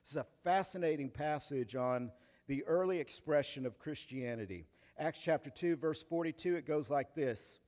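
Man, pastor, sermon, high voice, emphatic preaching, long hall reverb. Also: normal speed. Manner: preaching, swings from quiet scripture reading to loud emphatic points. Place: church sanctuary.

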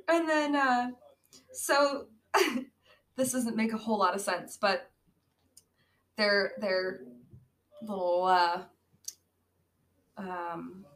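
A woman's voice: mid-range voice, fairly bright tone, rough recording. A woman co-hosting a casual podcast, rambling through a bad movie's plot with many fillers and frequent laughs. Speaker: podcast co-host. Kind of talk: casual movie-riffing chat.

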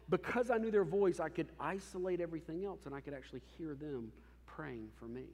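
A man in his thirties preaching a sermon as pastor, conversational and animated, telling family stories. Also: a little high. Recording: long hall reverb.

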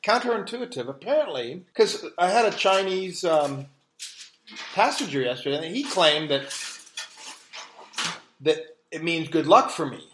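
A man's voice: a little high, big pitch swings, measured pace, long pauses, a bit bright, slight background noise. A man co-hosting a podcast, telling stories in casual chat with many restarts. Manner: rambling storyteller with many restarts. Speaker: podcast co-host.

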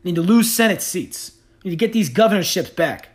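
A man's voice: high-pitched, lively intonation, fast. A man hosting a podcast, delivering a heated, profane and sarcastic monologue. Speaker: podcast host.

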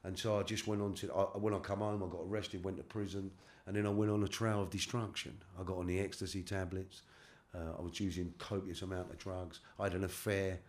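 Low-voiced London man telling his story. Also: little pitch movement. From London, England. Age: middle-aged. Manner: halting, repeats words, casual slang. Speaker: guest. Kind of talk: candid life-story interview.

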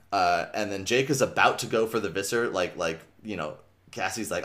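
A man's voice: lowish voice, fairly quick, a bit bright. A man casually retelling a book's plot on a podcast, acting out the characters' lines and swearing freely. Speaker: podcast host recapping a book. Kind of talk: casual chat with read-aloud passages.

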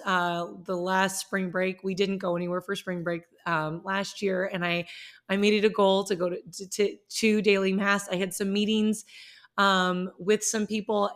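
A woman's voice: medium pitch, a bit bright. A woman who teaches middle school, talking about her faith in a personal vlog, earnest and heartfelt, often restarting her sentences.

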